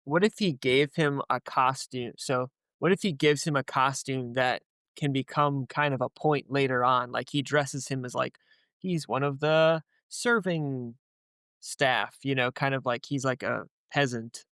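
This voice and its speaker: A man's voice: mid-range voice, measured pace, a bit bright, smooth, no room sound. A man joining a story podcast as a guest, making dry remarks and asking questions while the group plans a plot. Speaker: guest player. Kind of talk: casual story-planning chat.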